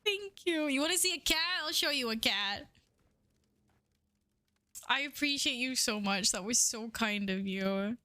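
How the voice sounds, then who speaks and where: A young woman streaming live, chatting excitedly with her viewers, swearing and laughing often. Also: on the high side, unhurried, long pauses, no echo. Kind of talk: casual live-stream chat.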